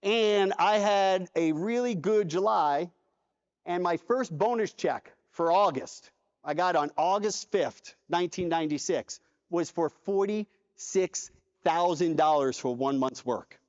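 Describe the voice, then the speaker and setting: Animated man telling a story on stage. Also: sits high, a little slow. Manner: animated storyteller acting out dialogue. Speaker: conference keynote speaker. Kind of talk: storytelling keynote talk. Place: large convention hall. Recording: dull hall reverb from a conference stage.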